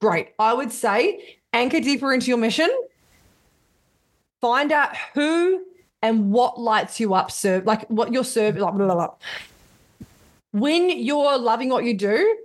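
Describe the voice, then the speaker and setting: A woman, a podcast guest telling her story in casual, animated talk and swearing freely. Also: a little high, measured pace, long pauses.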